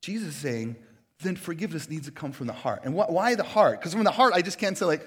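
A man preaching a sermon in a casual, conversational way, heavy on fillers, moving between hushed reflection and emphatic, animated questions. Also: high-pitched, quick pace. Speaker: pastor.

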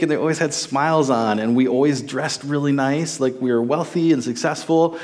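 A man's voice: a little high, normal speed, few pauses, a little mellow. A man in his forties from Minnesota, teaching on a psalm in a casual, enthusiastic sermon style with frequent restarts. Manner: enthusiastic, conversational, with many restarts. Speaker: Bible teacher.

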